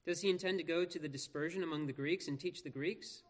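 A pastor reads scripture and preaches in an earnest, measured way, using slow pauses for emphasis. His voice sits a little higher than most men's, and the long reverb of a big church hall carries it.

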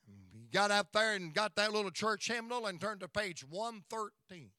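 Middle-aged preacher guy, high bright voice, folksy and emphatic, dry close sound. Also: expressive, moderate pace, few pauses, no echo. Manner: emphatic, folksy, exclaiming praise. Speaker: pastor. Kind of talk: storytelling sermon.

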